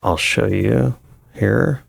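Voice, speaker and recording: A man with a low voice explains audio editing in a relaxed tutorial, with many fillers and restarts. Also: very slow, creaky, breathy edge, no room sound, studio quality. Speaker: audio engineer teaching. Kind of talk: screen-recorded tutorial.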